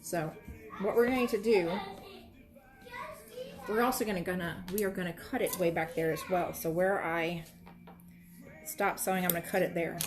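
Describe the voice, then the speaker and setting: A woman's voice: fairly low pitch, fairly even intonation, moderate pace, pauses often, music in the background. A woman teaching quilting in a casual demonstration, chatty and reassuring as she talks while she works at her sewing station. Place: sewing room, moving between workstations.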